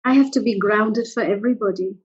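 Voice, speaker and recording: She's leading a tapping session on a video call, calm and encouraging, walking the listener through each step with soothing praise. Medium in pitch with a breathy edge, she talks a little fast, and the sound is lo-fi.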